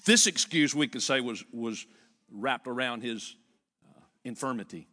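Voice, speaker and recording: An older man preaching a sermon as pastor, retelling a story with lively repetition. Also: mid-range voice, unhurried, big-room sound. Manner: animated storytelling with repeated phrases. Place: church.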